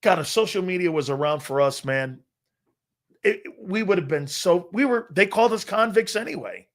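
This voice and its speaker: Here a sports talk host in his fifties spins casual, boastful yarns, restarting often and acting out quotes with brash flair. His high-pitched voice is animated, and he keeps a moderate pace.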